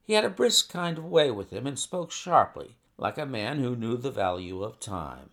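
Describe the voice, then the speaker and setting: A man reading a classic short story aloud in an expressive first-person narration. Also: medium pitch, moderate pace, gravelly. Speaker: audiobook narrator.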